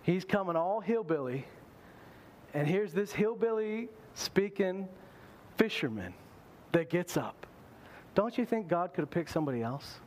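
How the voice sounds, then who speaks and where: A male pastor preaching a sermon in an animated way, acting out the voices he quotes. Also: high-pitched, a little slow, long pauses, a little hiss or hum.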